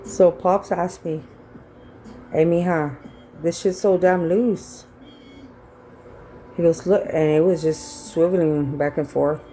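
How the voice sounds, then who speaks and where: A woman's voice: fairly low pitch, steady tone, takes it slowly, pauses often, warm tone, faint music behind, rough recording. A middle-aged woman, telling a rambling, blunt story in a casual vlog and acting out what people said. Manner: rambling, blunt and salty, reenacting dialogue. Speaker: vlogger.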